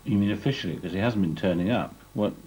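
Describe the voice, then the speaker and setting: A male documentary interviewer with a very low, warm voice, asking pointed questions in a direct, steady way. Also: quick pace, slightly rough, low-quality recording.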